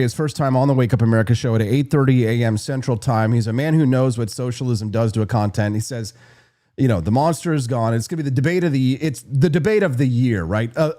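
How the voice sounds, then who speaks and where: A man hosting a live political talk show, brash and quick, reacting to chat and plugging sponsors. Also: mid-range voice, a little mellow. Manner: brash, fast-talking, reads live chat. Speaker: host.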